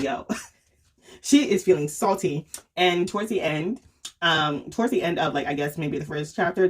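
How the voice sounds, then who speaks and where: A woman's voice: low voice, husky. A woman casually reviewing a comic series, chatty and full of fillers, often laughing and acting out quotes. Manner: chatty storytelling full of "um", "like" and "right?".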